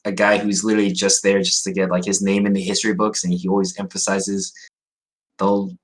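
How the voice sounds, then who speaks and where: A man's voice: sits low, completely flat delivery, a little fast. A young man co-hosting a podcast, chatting casually and hesitantly, with many fillers. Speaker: podcast co-host. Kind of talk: casual chat.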